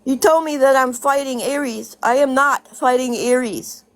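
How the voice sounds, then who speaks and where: Blunt high-voiced woman ranting. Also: steady tone, normal speed, a bit bright. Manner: blunt, profane, laughing between points; repeats herself for emphasis. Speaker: social media commentator. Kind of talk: casual ranting vlog.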